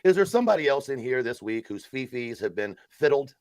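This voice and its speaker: Gravelly, mock-solemn male streamer. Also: mid-range voice, big pitch swings, a little fast, a little mellow, no echo, clean studio sound. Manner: theatrical, sarcastic, mock-solemn. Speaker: live stream host. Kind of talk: mock support-group speech, then casual live chat.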